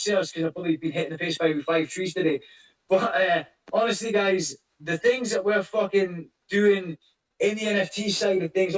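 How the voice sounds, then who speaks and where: A man's voice: sits high, reverberant, distant mic, rough recording. A man hosting a casual online voice chat, rambling and swearing as he greets listeners by name. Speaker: crypto project lead hosting a community voice chat.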